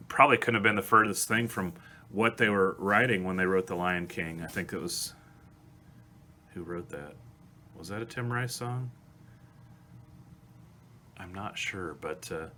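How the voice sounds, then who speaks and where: A man's voice: deep voice, moderate pace, pauses often, bright, forceful tone, a little hiss or hum. A man hosting a devotional show, speaking earnestly and with emotion. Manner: earnest, emotional, reads song lyrics aloud. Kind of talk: devotional talk.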